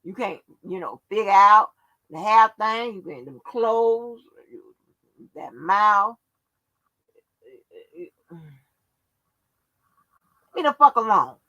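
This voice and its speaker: A woman's voice: mid-range voice, lively intonation, slow pace, pauses often, bright, forceful tone, highs cut off. A woman hosting her own channel, delivering a profane, confrontational rant that scolds her viewers. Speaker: channel host.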